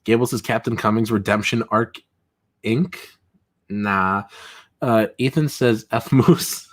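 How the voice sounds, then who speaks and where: A man's voice: lowish voice, slow. A man hosting a casual livestream, reading chat comments aloud and telling stories with lots of laughter. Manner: animated, laughs often, mimics callers. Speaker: livestream host.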